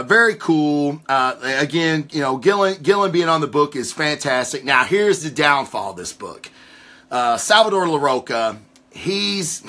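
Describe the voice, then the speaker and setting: A man's voice: on the high side, sharp tone. A man giving a casual solo comic book review, rambling with many restarts and frequent swearing.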